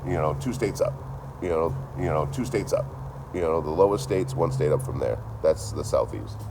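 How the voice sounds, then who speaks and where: Man, low bass voice, casual profane ranter, animated storytelling, faint background noise. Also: moderate pace. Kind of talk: casual ranting monologue.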